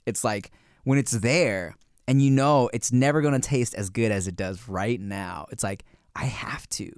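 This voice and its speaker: A man's voice: mid-range voice, moderate pace, a little mellow, smooth, no echo, clean studio sound. A man in his thirties who chats casually on a podcast, rambling with fillers and swearing. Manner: rambling, profane, lots of fillers and laughter. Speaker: podcast co-host. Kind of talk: casual chat.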